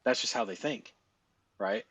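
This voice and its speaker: A man's voice: fairly low pitch, measured pace, a bit bright, dry recording. A man coaching in a casual, blunt way. He swears a lot, laughs often and uses many fillers. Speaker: live-stream business coach.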